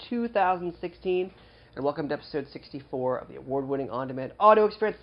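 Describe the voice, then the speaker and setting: Chatting on his podcast in a small studio, a man pokes fun at himself and runs through fast promo patter. His voice is a little high and animated, and the recording is muffled.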